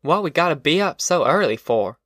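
A man's voice: a little high, animated, normal speed, a bit bright, no echo, studio quality, pitched above the performer's own voice. A man voicing a complaining young farm son. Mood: grumbling.

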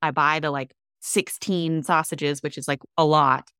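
A woman's voice: sits low, steady tone, measured pace, fairly bright tone, clean tone, no room sound, clean studio sound. A young woman co-hosting a food podcast, chatting in an upbeat, enthusiastic way. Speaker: podcast co-host. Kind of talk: casual chat.

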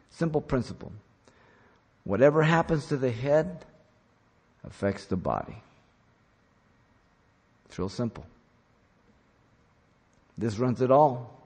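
Man, pastor, sermon, emphatic preaching, slow, long echoing reverb. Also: medium pitch, sing-song, a little mellow, husky. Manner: emphatic, deliberate preaching with sudden stresses.

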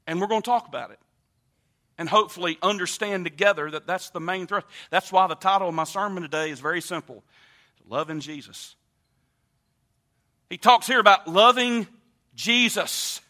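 A pastor delivers a sermon in an emphatic, repetitive preaching manner, swelling loud and dropping soft. His voice sits high for a man and has a bright, forceful edge. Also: normal speed, long pauses. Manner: emphatic preaching with repetitions and wide swings in loudness.

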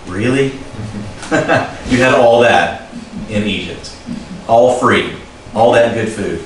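A middle-aged man preaching a sermon in a relaxed, conversational way, reading scripture and adding chuckling asides. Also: mid-range voice, slow pace, pauses often. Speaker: pastor. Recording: very echoey room, distant mic, faint noise.

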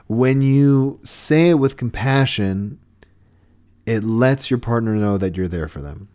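A man's voice: mid-range voice, expressive, slow pace, mellow, clear, resonant tone. A man hosting a podcast, giving relationship advice in an earnest, conversational way with frequent restarts. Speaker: podcast host.

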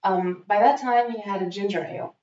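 A woman recounting a bad date in easy, animated conversation. She slips into quoted lines as she talks. Her voice comes from away from the mic in an echoey room, with a dull, muffled tone. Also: medium pitch, brisk, far from the mic. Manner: lively storyteller acting out quotes. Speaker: guest telling a story. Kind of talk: casual chat. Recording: dull, roomy, off-mic sound.

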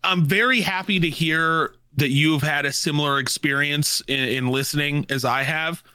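A man co-hosting a podcast with a raised pitch and a playful, joking manner that slips into swearing. His voice sounds tense and bright, recorded close and completely dry. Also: normal speed, no echo. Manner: playful and jokey, swears casually. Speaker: podcast co-host. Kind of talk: casual chat.

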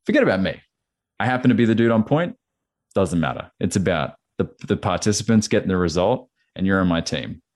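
A man's voice: sits low, lively intonation, a little fast, darkish tone. A young man, chatting in a laid-back, slangy way and swearing. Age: young adult. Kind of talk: casual chat.

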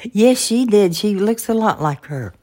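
An older woman co-hosting a faith-based podcast, talking in a warm, folksy and agreeable way. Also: medium pitch, expressive, unhurried. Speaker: podcast co-host, the host's mother.

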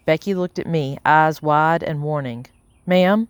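A woman's voice: low voice, clear, resonant tone, no room sound. Woman narrating an audiobook in a dry studio. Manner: measured, voicing characters lightly. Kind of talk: scripted narration.

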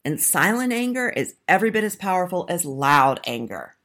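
A woman coaches married couples on her solo podcast and speaks straight to the listener. Her voice sits fairly low, but her pitch moves a lot as she presses each point. She sounds direct and emphatic throughout. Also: very animated, moderate pace, a bit bright.

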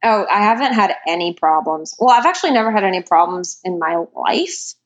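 A falconer in her twenties, appearing as a guest, chats casually and tells stories packed with fillers and plenty of "likes." Her voice is medium-pitched, animated and brisk.

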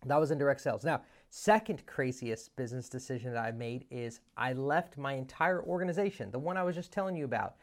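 A man in his thirties, a business coach, telling a story in a casual, animated monologue, often restarting his sentences and acting out the dialogue. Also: mid-range voice. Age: 30s.

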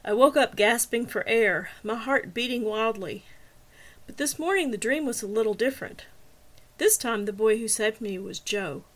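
A woman narrating a story in the first person, steady and even. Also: fairly high pitch, moderate pace. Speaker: audiobook narrator.

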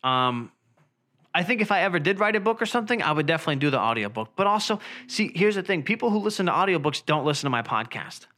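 Young man, podcast host, casual solo monologue, rambling, jokey, slightly high voice. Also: big pitch swings, fast talker, sharp tone. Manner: rambling, jokey, trails off low.

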